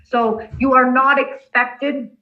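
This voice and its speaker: A woman's voice: sits high, steady tone, slow pace, narrow, tinny audio, slight background noise. A woman instructor walking a class through steps over a video call, patient and checking in with "okay?" as she goes. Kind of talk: online class walkthrough.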